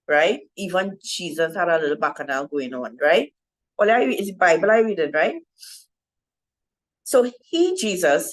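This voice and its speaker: A woman's voice: lowish voice, poor audio. A woman giving an informal Bible teaching talk to women, keeps asking "right?" as she goes. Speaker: women's ministry speaker.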